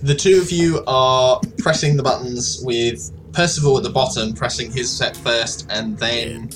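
A man's voice: medium pitch, a bit bright, low-quality recording. Man game master over background music. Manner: measured, directing the players. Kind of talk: narrating a tabletop game.

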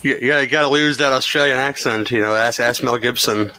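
A man chatting casually about movies on a podcast, dropping wisecracks and slow, drawled asides. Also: medium pitch, bright, forceful tone.

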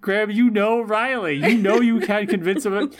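A man's voice: high-pitched, normal speed. A man co-hosting a casual recap podcast, joking and mock-scolding with a laugh. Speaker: podcast co-host.

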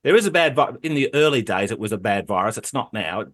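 A man's voice: lowish voice, animated, fast, a bit bright. A man, a politician, speaking emphatically as a radio interview guest, repeating words and checking in with "okay?".

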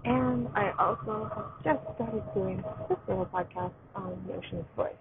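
A tired, allergy-stricken woman hosting a poetry podcast live, chatting in a rambling, excited way while sitting outdoors. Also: mid-range voice, a little slow. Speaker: podcast host reading poetry. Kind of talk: casual live-stream chat. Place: outdoors, train in the distance. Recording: tinny phone-like sound, faint outdoor noise.

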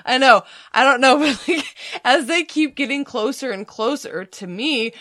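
A young woman co-hosting a podcast, casually telling a story, swearing freely and acting out what people said with big jumps in pitch. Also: normal speed, sharp tone, no echo, clean studio sound. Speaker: podcast co-host.

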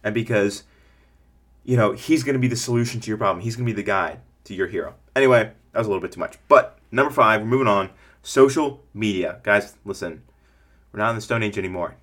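A man with a fairly low voice hosts a casual coaching podcast for small-business owners. His delivery is energetic and rambling, and he often slips into the voices of imagined customers to make his points. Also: quick pace. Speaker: podcast host.

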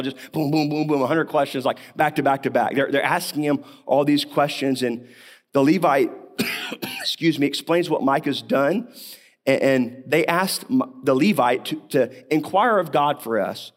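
A pastor's sermon comes in a medium-pitched man's voice at an ordinary speed. Conversationally exploring a Bible passage, he asks rhetorical questions and coughs from time to time.

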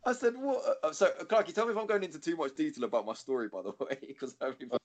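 Lively man telling a rambling story. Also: fairly high pitch, very fast. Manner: rambling, swears freely, animated quoting. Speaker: podcast co-host. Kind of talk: casual storytelling chat.

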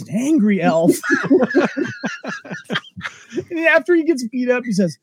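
A man hosting a podcast over a video call, chatty and quick to laugh as he passes the talk to each guest. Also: very high voice, big pitch swings, slight background noise. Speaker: podcast host. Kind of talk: casual podcast discussion.

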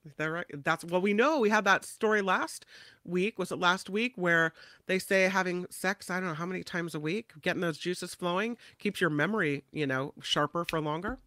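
A man's voice: sits high, moderate pace, sharp tone, no echo, clean studio sound. A man co-hosting a show, chatting casually about the news and laughing easily. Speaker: show co-host.

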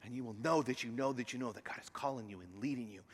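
A man preaching a sermon as pastor, moving from loud emphatic lines to hushed near-whispers and acting out voices in his stories. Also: mid-range voice, fast, slightly rough. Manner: acts out quoted voices while telling a story.

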